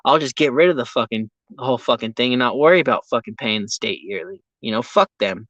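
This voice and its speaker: A man's voice: medium pitch, animated, fast, hardly any pauses, fairly bright tone, no echo, lo-fi sound. A man vlogging casually from inside his vehicle, rambling and ranting with constant profanity. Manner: profane, heavy swearing, ranting.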